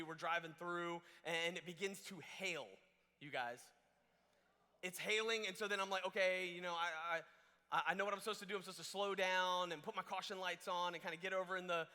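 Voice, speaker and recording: Young male camp speaker, high bright voice, lively story sermon, long hall reverb. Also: clean tone. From Georgia, US. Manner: animated, many restarts and fillers.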